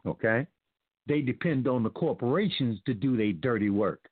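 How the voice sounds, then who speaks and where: A man's voice: medium pitch, expressive, normal speed, breathy edge, dry recording. A male talk host reading news aloud and commenting with sarcasm, calling his listeners family. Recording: dry phone-like line.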